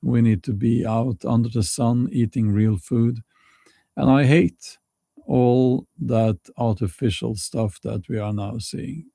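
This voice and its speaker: A man with a Norwegian accent hosting his own video, thinking aloud in halting sentences with many restarts. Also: mid-range voice, fairly even intonation, gravelly, dark tone, breathy edge, dry recording, studio quality. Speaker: vlog host. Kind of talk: casual spoken commentary.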